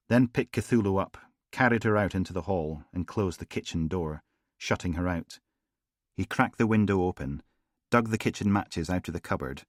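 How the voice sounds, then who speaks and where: Deep male narrator, crime audiobook, measured and dry, super dry close sound. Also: dry recording. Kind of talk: scripted narration.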